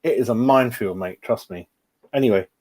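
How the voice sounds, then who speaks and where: A man's voice: medium pitch, a little fast, mellow. A man hosting a live fan stream, chatting casually and muttering to himself while he fiddles with his computer. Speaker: fan channel host.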